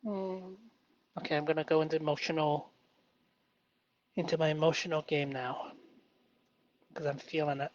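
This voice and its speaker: A man hosting a live stream, talking through his feelings in an earnest, halting way with many fillers. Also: on the high side, steady tone, dull audio. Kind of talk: emotional self-reflective live stream.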